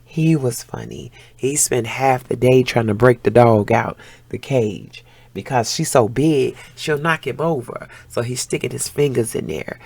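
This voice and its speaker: A woman in her fifties giving viewers a casual life update, telling stories with animated flair and casual swearing. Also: rumbling low, a little slow, creaky, breathy edge, dry recording. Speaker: vlogger.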